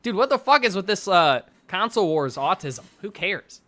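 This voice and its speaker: Male streamer, casual sarcastic reaction commentary, swears freely, bouncy delivery, slightly high pitch. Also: animated, normal speed, few pauses, sharp tone, no room sound. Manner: profane, ranting, mocking; reads chat and posts aloud with sarcastic asides.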